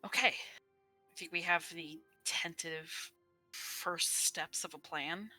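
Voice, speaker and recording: Bright, sharp-voiced woman player. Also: fairly low pitch, fairly even intonation, no echo, soft background music. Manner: quick, giggly, mock-sarcastic. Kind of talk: tabletop role-play chat.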